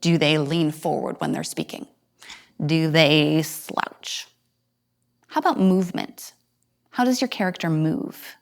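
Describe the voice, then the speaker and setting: Low-voiced woman teaching acting to viewers at home; she explains and then demonstrates each voice, jumping suddenly up or down. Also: expressive, normal speed, creaky, darkish tone.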